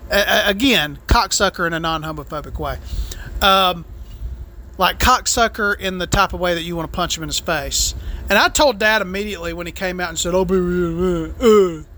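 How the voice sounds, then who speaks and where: Bright-voiced man ranting profanely. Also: high-pitched, a little fast, a little hiss or hum. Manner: crude, heated and exasperated. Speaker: food vlogger.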